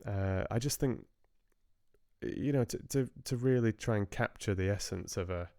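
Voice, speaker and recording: Man with a low, resonant voice, casual streamer chatter, hesitant and self-correcting, dry close sound. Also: moderate pace, vocal fry, darkish tone, no echo. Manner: rambling, hesitant, restarts his sentences often. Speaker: audiobook narrator hosting a live stream. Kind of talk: casual chat with live-stream viewers.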